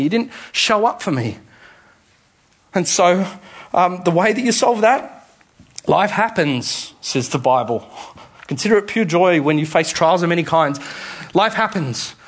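A pastor delivering a sermon in a conversational way that builds to emphatic, repeated appeals. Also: male voice, on the high side. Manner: conversational preaching, rising to emphatic repetition.

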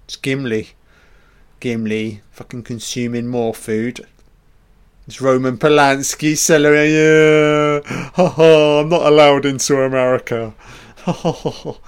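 Guy doing a sweary film commentary, slow, kinda high voice. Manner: profane, sarcastic riffing on the scenes. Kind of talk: casual audio film commentary.

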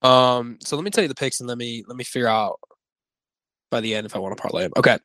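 A podcast co-host with a mid-range voice talks fast, brightly, and forcefully in casual sports-betting chat. He rambles and corrects himself while going through his picks. There's no room sound, but the recording is rough.

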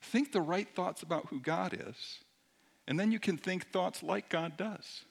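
A middle-aged man preaching a sermon in a conversational way, dropping at times to a hushed near-whisper. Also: sits high, a little slow, creaky, slightly rough. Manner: conversational, shifts between loud emphasis and hushed near-whisper. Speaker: pastor.

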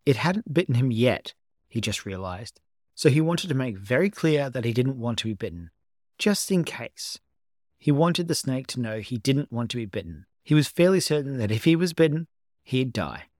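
A man narrates a story as an amateur audiobook reader. His delivery is steady and unhurried at a middling pitch. The recording is dry and close. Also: no echo.

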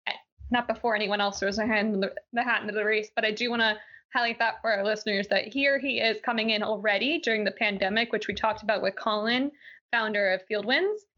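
A woman's voice: mid-range voice, steady tone, fast talker, fairly bright tone. Woman, podcast co-host, casual news chat, giggly, lo-fi sound. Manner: giggly, chatty, many "like" fillers.

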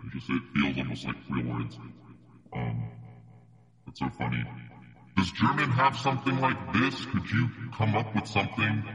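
Man, podcast host, very deep voice, bright tone, playful, laughs a lot, video call, long reverb, faint background music. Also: fairly even intonation, normal speed. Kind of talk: casual chat.

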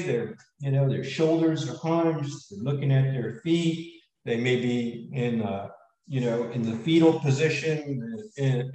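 A man giving an animated motivational talk to an audience, with frequent fillers. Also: medium pitch, echoey room, recorded from a distance, low-quality recording. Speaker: speaker.

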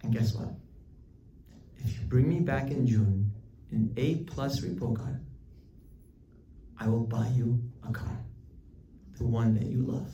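A man's voice: medium pitch, takes it slowly, long pauses, warm tone, highs cut off, a little hiss or hum. A man voicing a demanding father who bargains with his son, coaxing and insistent, in his own everyday voice. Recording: roomy, distant mic, faint ambience.

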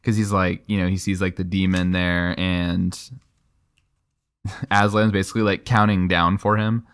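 A man's voice: low-pitched, flat delivery, moderate pace, a bit bright, smooth. A man chatting enthusiastically about a book, laughing often and reading passages aloud. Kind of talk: casual book discussion.

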